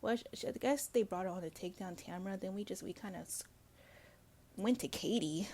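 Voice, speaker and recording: A woman's voice: medium pitch, brisk, dark tone, a little hiss or hum. A woman hosting a casual commentary video, talking straight to viewers in a blunt, gossipy way, swearing freely and filling her talk with ums and asides. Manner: chatty with frequent fillers and asides. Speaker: reality TV commentary host.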